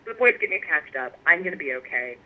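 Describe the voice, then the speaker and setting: A woman guest telling stories in a casual interview, animated and laughing often. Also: low-pitched, fast. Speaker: guest, pipe maker. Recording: tinny phone line.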